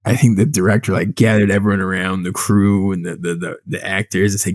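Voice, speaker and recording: This male podcast co-host speaks low and a little fast, barely pausing, as he tears into a movie in casual conversation. Frequent swearing and incredulous, lively storytelling drive his rant.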